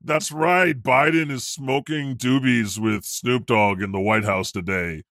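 A man's voice: mid-range voice, fairly even intonation, a little slow, a bit bright, no echo, studio quality. A man hosting a comedy podcast in character as God, rambling and self-deprecating, laughing often. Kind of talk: improvised comedy chat.

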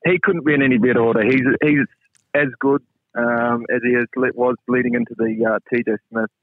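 A man with a New Zealand accent calling in as a guest, modest and measured. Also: medium pitch, steady tone, no echo. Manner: modest, measured, many fillers. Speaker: racing stable hand, guest. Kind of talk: phone interview. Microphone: phone. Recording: tinny phone line.

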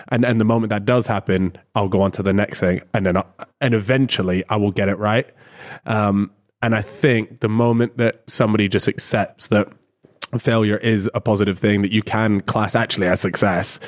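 Casting note: podcast host, low voice, thoughtful, halting. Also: male voice. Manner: reflective, many restarts and fillers. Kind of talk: podcast conversation.

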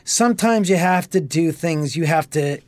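A man interviewed at length, telling a story in an animated way and swearing freely. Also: fairly high pitch, moderate pace, dry recording. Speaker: homeowner interviewed about a haunting.

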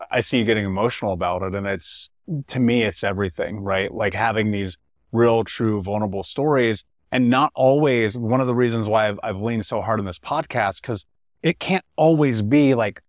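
A male podcast host talks in an animated, emphatic way, loose and casual with his guest. His voice sits at an everyday middle pitch. The sound is dry and close, with no room behind it. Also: no room sound. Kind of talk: casual interview chat.

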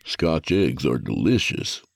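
Very deep gravelly man narrating. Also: very animated, takes it slowly, no room sound. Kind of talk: first-person story narration.

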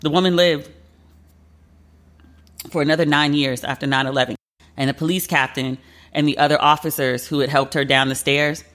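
A man's voice: on the high side, fairly even intonation, moderate pace, long pauses, fairly bright tone. A man, a journalist, hosting a casual monologue podcast, chatty and emotional, filling his talk with "like". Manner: chatty and emotional, heavy use of "like".

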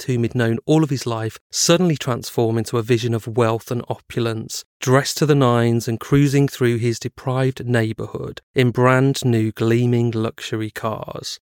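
Smooth-voiced man reading true crime. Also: mid-range voice, fairly even intonation, normal speed, few pauses, a little mellow, dry recording, studio quality. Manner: reads prepared script, then chats with hedging fillers. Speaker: podcast co-host. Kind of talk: scripted true-crime narration mixed with casual chat.

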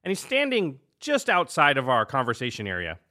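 A man hosting a podcast, telling a story in casual chat, animated and laughing often. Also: mid-range voice, fairly quick. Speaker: podcast host.

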